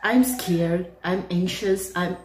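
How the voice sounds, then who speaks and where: A woman hosting a K-pop reaction video, gushing with excitable, breathless exclamations as she reacts. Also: fairly low pitch, slow pace, echoey room, slight background noise. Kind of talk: casual reaction commentary. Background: faint music from the clip.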